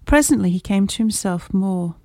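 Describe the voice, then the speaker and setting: Mellow-voiced woman narrating a classic story. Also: mid-range voice, animated, no echo. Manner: measured, clear storytelling. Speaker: audiobook narrator. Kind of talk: first-person audiobook narration.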